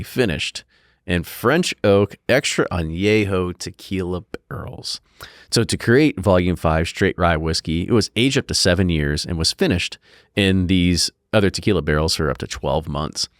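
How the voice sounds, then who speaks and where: A man's voice: deep voice, no room sound, clean studio sound. A man co-hosting a podcast, reading through whiskey news items in a casual, jokey way and riffing on each one. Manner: chatty, jokey, reads items then riffs. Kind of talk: casual news roundup chat.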